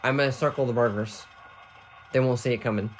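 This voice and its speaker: A woman playing a horror video game in casual chat, panicky and cursing a lot, with loud outbursts. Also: very deep voice, fairly even intonation, brisk, slight background noise. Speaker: game player. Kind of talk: casual let's-play chat.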